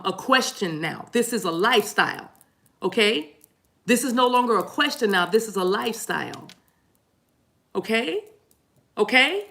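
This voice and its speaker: A woman giving a spiritual tarot talk to her viewers in a preacher-like way, playful and repeating phrases for emphasis. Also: fairly high pitch. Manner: animated, preacher-like delivery.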